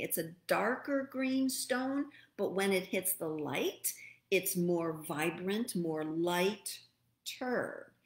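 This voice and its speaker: On a live stream with a roomy echo, a middle-aged spirit messenger thinks out loud while giving word readings. Her mid-range voice stays slow, gentle, and meditative throughout.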